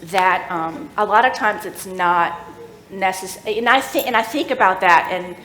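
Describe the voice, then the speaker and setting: A middle-aged woman telling a personal faith story at a church workshop, animated and laughing as she acts out the voices of people in the story. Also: medium pitch, a little slow. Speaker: workshop speaker. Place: church room. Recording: echoey room with faint ambience.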